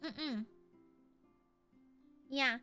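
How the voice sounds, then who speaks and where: A woman's voice: high-pitched, very slow, pushed and bright, soft background music. A young woman streamer chatting casually into her mic, giggling often and swearing freely. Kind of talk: casual chat.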